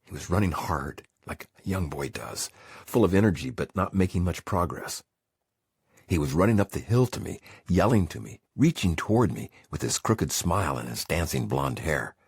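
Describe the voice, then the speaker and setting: Super deep raspy guy reading a memoir, husky, lots of ups and downs. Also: big pitch swings, moderate pace, no room sound, studio quality. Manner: intense, emotional first-person storytelling. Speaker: audiobook narrator. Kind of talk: scripted memoir narration.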